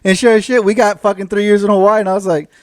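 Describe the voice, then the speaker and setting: Fast-talking, high-voiced male podcast host. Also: flat delivery, dry recording, studio quality. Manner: profane, retells stories with quoted dialogue. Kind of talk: casual chat.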